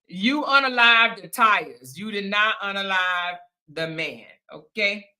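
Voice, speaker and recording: A woman hosting a casual chat, reading viewer comments aloud and reacting in a lively, teasing way with frequent laughter. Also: medium pitch, takes it slowly. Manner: animated, teasing, laughs often, playful asides.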